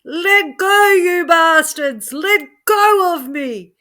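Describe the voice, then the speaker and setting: A man's voice: high voice, steady tone, brisk, pushed and bright. A woman voicing a panicked man fleeing a UFO, screaming in terror. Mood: terrified screaming.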